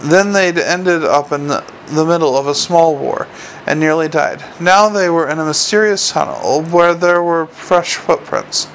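Male audiobook narrator, steady and measured, slightly high with a gravelly grain, faint hum behind. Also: low-quality recording.

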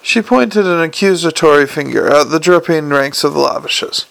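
A man narrating a novel aloud in a wry, measured reading with occasional slips. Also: fairly high pitch, creaky, a bit bright, rough recording. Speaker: audiobook narrator.

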